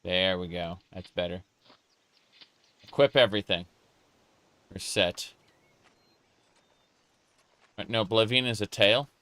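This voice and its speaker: A man chats his way through a game stream, playful and joking as he reads chat aloud. His voice is low and clear, and he takes his time. The sound is dry and close. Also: slow, long pauses, pushed and bright, dry recording. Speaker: gaming streamer. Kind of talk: casual live gameplay commentary.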